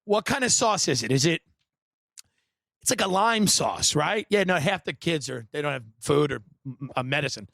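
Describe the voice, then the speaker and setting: A man with a gravelly, raspy edge and a bright, forceful tone, sitting slightly high for his sex. He riffs in a sarcastic, deadpan comedic monologue, full of dark satire and sudden mimicry. The sound is close and dry. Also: normal speed, dry recording. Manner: animated, mimicking voices. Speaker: podcast host.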